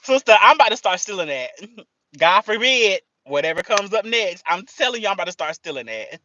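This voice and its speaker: A woman's voice: medium pitch, very animated, fairly quick, pushed and bright. A woman hosting a casual livestream, playful and slangy, laughing often as she chats to her viewers. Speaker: livestream host. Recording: dull lo-fi stream audio.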